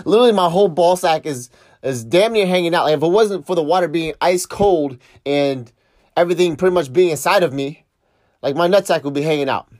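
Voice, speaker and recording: A man's voice: fairly high pitch, a little fast, darkish tone, no room sound, studio quality. A man telling a story casually, swearing and laughing as he reflects on a mishap while surfing. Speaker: surf vlogger.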